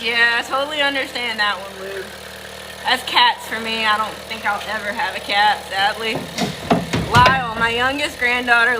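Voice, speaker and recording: A middle-aged woman with a Southern US accent, chatting folksily on a livestream and greeting viewers by name while milking goats. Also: on the high side. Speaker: livestream host. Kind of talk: casual livestream chat. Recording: noisy with machine hum. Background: milking machine running.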